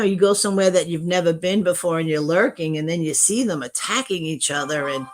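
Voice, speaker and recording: Chatty woman hosting a livestream. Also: on the low side. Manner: chatty, reads out and greets chat viewers, frequent restarts. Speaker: livestream host. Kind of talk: casual live-stream chat.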